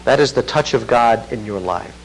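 A man's voice: normal speed, slight background noise, low-quality recording. A man preaching an expository sermon, reading scripture aloud and commenting with earnest, swelling emphasis. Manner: earnest, rising to fervent emphasis then dropping low.

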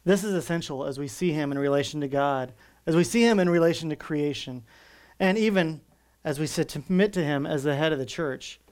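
A middle-aged man preaching a sermon, earnest and emphatic, slowing down on key words and at times moved close to tears. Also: on the high side, a little mellow. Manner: earnest, emphatic preaching with slow dramatic pauses. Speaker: pastor.

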